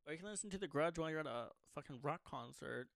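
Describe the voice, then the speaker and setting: A man's voice: fairly high pitch, expressive, quick pace, creaky, fairly bright tone, dry recording. A young man, a pop singer-songwriter, talking casually and at length to his fans, rambling and swearing with sarcastic asides. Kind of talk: casual unscripted monologue to fans.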